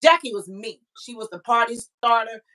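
A woman hosts a live online talk show, her fairly high voice warm with emotion. She talks in an animated, affectionate way. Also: normal speed, a little hiss or hum, rough recording. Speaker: host.

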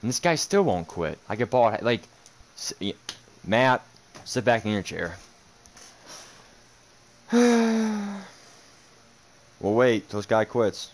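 A man's voice: mid-range voice, sing-song, takes it slowly, pauses often. A young man commentating his own football video game match, muttering, sarcastic and swearing in frustration. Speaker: gaming streamer.

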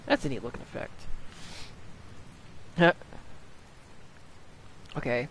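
A man's voice: a little high, animated, a little slow, long pauses, a little hiss or hum, poor audio. A man streaming a video game, giving casual commentary with wry, muttered asides.

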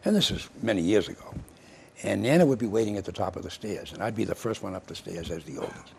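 A man's voice: on the low side, expressive, fast talker, gravelly, darkish tone, slight background noise. An older man hosting a local TV interview, telling rambling stories with many restarts. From Massachusetts, US. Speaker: TV show host. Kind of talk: casual interview chat. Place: local cable TV studio.

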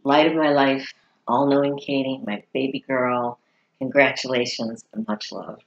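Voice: medium pitch, fairly even intonation. Heartfelt parent reading a letter, dull recording. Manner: heartfelt, measured. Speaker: parent sending a congratulation message. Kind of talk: reading a prepared letter aloud.

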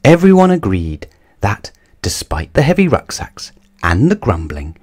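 A male storyteller reading a children's picture book aloud at bedtime. His voice sits low but moves around lively and expressively. He tells the tale warmly for young listeners. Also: a little slow, slightly rough.

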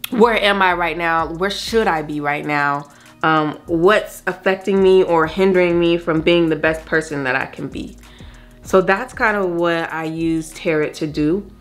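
A woman vlogger talks casually to her viewers while getting ready at home. Her voice sits on the low side, and her manner is chatty and wandering. Soft music plays faintly behind her. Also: measured pace. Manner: chatty and rambling, addresses viewers directly. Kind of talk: casual get-ready-with-me chat. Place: at home doing her makeup.

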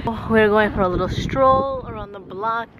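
A woman's voice: fairly high pitch, normal speed. Chatty woman vlogging on a noisy camera. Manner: chatty and expressive, dropping in Spanish words. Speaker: family vlogger. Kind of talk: casual daily vlog to camera. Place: home, then outdoors on a city street. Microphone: handheld vlog camera.

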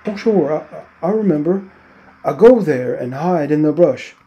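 A man's voice: mid-range voice, a little slow, creaky, highs cut off. A man reading aloud, voicing a big, childlike farmhand who speaks timidly and plaintively.

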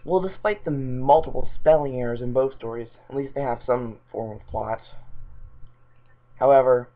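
Male host, mid-pitched, reads bad fanfiction aloud with sarcastic asides, tinny lo-fi sound. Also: steady tone, moderate pace. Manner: stumbles over misspelled words while reading, sarcastic. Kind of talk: reading stories aloud with mocking asides. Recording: tinny lo-fi home recording.

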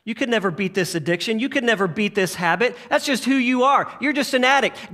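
A man preaching a sermon, swinging from emphatic questions to hushed near-whispers. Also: extremely high pitch, brisk. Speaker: pastor.

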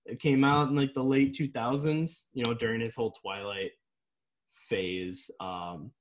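A man's voice: medium pitch, fairly even intonation, unhurried. A young man co-hosting a casual podcast chat, talking loosely with lots of fillers and frequent laughs. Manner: laughs often, chatty with many fillers. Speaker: podcast co-host.

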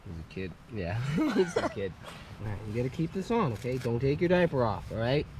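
A man's voice: medium pitch, wildly swooping pitch, fairly quick, noisy background. A man hosting a camping vlog, talking casually and playfully, cooing at a baby goat in a tent at an island campsite. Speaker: vlog host.

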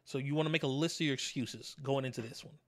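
A man's voice: medium pitch, fast. A man hosting a motivational video, talking straight to his viewers, firing rhetorical questions at them and repeating key words for emphasis. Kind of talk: motivational talk to camera.

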